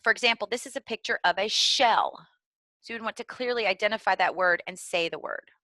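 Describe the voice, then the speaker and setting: Bright, crisp woman teaching teachers. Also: mid-range voice, no echo. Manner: clear, deliberate enunciation for teachers. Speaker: early literacy trainer. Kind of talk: instructional video narration.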